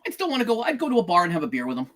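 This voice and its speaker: A man's voice: sits high, wildly swooping pitch, racing, a bit bright, slight background noise. A middle-aged man co-hosting a podcast in casual chat, joking and repeating himself. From outside the United States. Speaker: podcast co-host.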